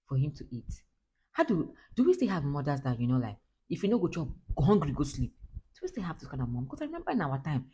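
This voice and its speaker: A woman's voice: extremely low pitch, a little mellow, a little hiss or hum, low-quality recording. A young Nigerian-accented woman chatting casually to camera as a mother, laughing often and slipping into pidgin. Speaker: mother vlogger.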